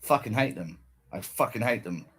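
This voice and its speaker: A man's voice: lowish voice, animated, normal speed, a bit bright, a little hiss or hum. A man angrily recounting a run-in with police, swearing constantly and repeating himself. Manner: swearing, bitter, repetitive. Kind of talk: angry personal rant.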